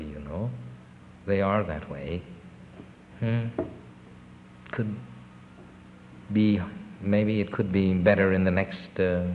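A medium-pitched older male voice, slightly noisy in the background, belongs to a relief worker sharing heartfelt, meandering accounts of overseas work. He pauses as he goes, and the recorded interview has a tinny, lo-fi tape quality with long reverb.

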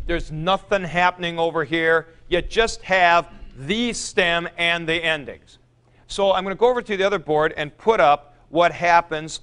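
A man's voice: high voice, a bit bright, clean tone. A middle-aged man teaching a Greek grammar class, explaining patiently in a classroom. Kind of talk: classroom lecture.

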